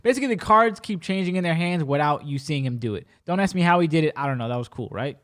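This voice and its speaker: A man's voice: a little high, quick pace. A man hosting a podcast, telling a story in a casual way and acting out the other people in it. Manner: animated, acts out other people's voices. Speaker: podcast host.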